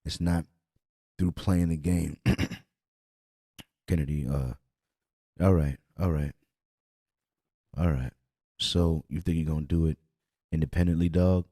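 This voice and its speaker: Very deep-voiced man ranting on a podcast. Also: steady tone, slow pace, pauses often, dark tone, breathy edge, dry recording, clean studio sound. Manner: blunt, profane, repetitive, heated. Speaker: podcast host. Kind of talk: casual opinionated podcast rant.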